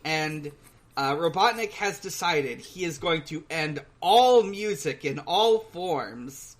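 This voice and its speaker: Slow, halting male podcast co-host. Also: a little high, expressive. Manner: hesitant, halting, full of pauses and filler sounds. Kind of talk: casual chat recapping a cartoon.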